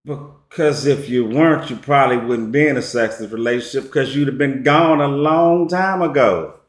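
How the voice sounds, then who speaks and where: A man's voice: medium pitch, normal speed. A man giving a casual storytelling monologue as a relationship commentator, slangy and emphatic. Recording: echoey room.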